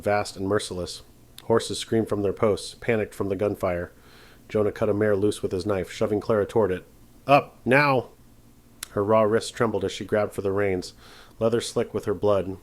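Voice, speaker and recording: Low-ish male voice telling a dramatic story, steady scripted narration.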